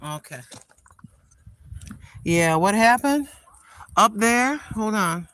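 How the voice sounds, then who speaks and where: An older woman chats away to her viewers from an outdoor garden, speaking into a phone she holds in her hand. She sounds tired, yet her voice is bright and forceful, and she keeps talking to herself and calling herself Granny. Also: mid-range voice, animated, extremely slow, no room sound. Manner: chatty, self-talking, calls herself Granny. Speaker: vlogger. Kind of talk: casual chat to viewers. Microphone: handheld phone camera.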